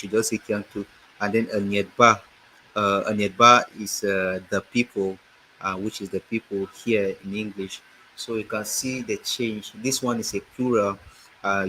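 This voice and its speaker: Nigerian male teacher, low, sharp-edged voice, deliberate explanations, video-call mic. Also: slight background noise, low-quality recording. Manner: slow, explanatory, repeats words for emphasis. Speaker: language teacher. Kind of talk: online lecture with slides. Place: home setup, online meeting. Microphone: computer mic on a video call.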